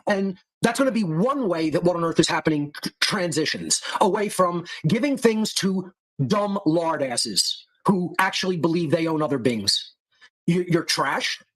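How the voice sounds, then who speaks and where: A man who is an occult lecturer and show host delivers an angry, scornful monologue rant, piling on insults and repeating himself for emphasis. His voice is high and animated at a moderate pace, and the audio is poor.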